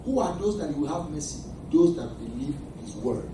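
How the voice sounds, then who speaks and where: A man with a Nigerian accent preaching a sermon, animated, shouting and laughing, calling to his congregation for answers. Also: fairly high pitch, a little fast, hardly any pauses. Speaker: pastor. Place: church. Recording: echoey church hall, mic at a distance, congregation audible. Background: responding congregation.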